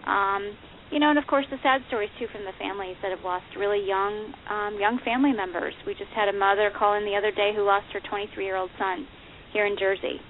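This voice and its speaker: A woman speaking as a foundation guest on a talk show, halting and repeating words. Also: mid-range voice, steady tone. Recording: tinny phone line with hiss.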